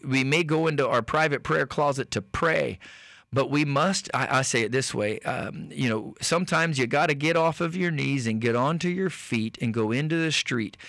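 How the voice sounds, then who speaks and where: A man hosting a radio talk show as a preacher, speaking in an earnest, slow, emphatic way with many fillers and restarts. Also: mid-range voice, a bit bright, no room sound. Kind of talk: radio sermon-style talk.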